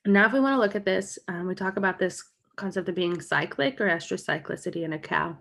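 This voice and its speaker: A woman lecturing a college class in a recorded talk, walking through a chart step by step. Her voice sits a little low, and she speaks in a steady, explanatory way, pausing to recap the main points. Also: gravelly.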